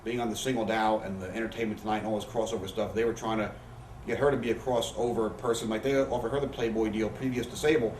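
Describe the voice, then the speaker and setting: A man's voice: lowish voice, fairly even intonation, fast talker, a little mellow. A man telling candid, profane stories as an interview guest, often acting out what others said. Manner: profane, rambling anecdotes with quoted voices. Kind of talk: candid storytelling. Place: living room. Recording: roomy, distant, faint background hiss.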